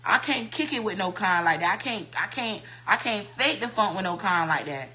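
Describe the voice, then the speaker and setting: A woman's voice: medium pitch, expressive, normal speed, pushed and bright, poor audio. A woman hairstylist on a livestream, ranting heatedly and profanely and repeating herself. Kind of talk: livestream rant.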